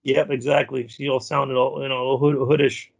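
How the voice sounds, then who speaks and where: A man's voice: mid-range voice, flat delivery, normal speed, gravelly, no room sound. A middle-aged man co-hosting a casual fan podcast, rambling with fillers and restarts. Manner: rambling with fillers and repeated starts. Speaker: podcast co-host.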